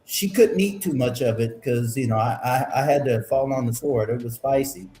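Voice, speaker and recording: A man's voice: mid-range voice, moderate pace. A man, a guest in an interview, telling a story animatedly and acting out bits of dialogue. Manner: animated, acts out quoted dialogue. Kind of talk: casual storytelling. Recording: echoey room, faint noise.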